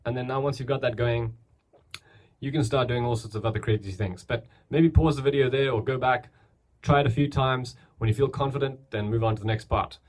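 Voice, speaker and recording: A man's voice: medium pitch, brisk. A young man casually explaining beatboxing basics on camera, chatty and loose, often restarting his sentences. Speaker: beatbox teacher. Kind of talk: casual tutorial. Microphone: camera mic, filming himself.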